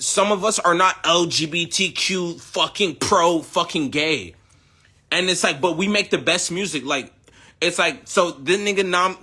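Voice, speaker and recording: A man's voice: a little high, bright, forceful tone, breathy edge. A young man from the United States ranting in a casual, rambling, heavily profane way. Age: young adult. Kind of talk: casual rant.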